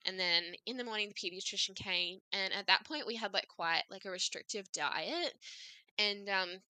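A woman's voice: mid-range voice, moderate pace, bright, forceful tone, clean tone, no echo. A young woman in her twenties, a podcast guest telling her story in a chatty way, full of "like" and quoted asides. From Australia. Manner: chatty, frequent "like" and "I was like" quotes. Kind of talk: casual storytelling.

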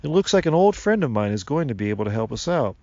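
A man's voice: medium pitch, very animated, quick pace, mellow, no echo, muffled recording, pitched above the performer's own voice. A man doing an earnest, pleading father.

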